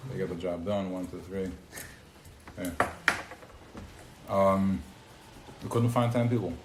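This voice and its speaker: A man giving an informal live class to a small group, who gets worked up and loud, then drops into quiet asides. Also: low-pitched, slow. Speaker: teacher of a class. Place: room with a small live audience. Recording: roomy live recording with faint noise.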